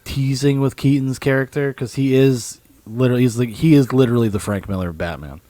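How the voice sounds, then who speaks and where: Dry-sounding man, animated film chat. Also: mid-range voice, brisk, no room sound. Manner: animated, swears freely, laughs often. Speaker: podcast co-host. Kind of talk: casual film discussion.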